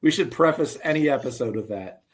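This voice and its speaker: A man's voice: mid-range voice, expressive, brisk. A man co-hosting a podcast, bantering with dry jokes in casual chat. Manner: wry, jokey banter. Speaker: podcast co-host.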